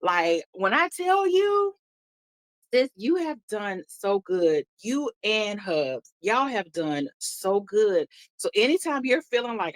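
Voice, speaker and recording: A woman co-hosts a podcast and speaks with a very lively, swooping pitch. She cheers her friend on and acts out quotes in other people's voices. The sound is dry, with no room echo. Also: takes it slowly. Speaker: podcast co-host. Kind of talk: casual chat.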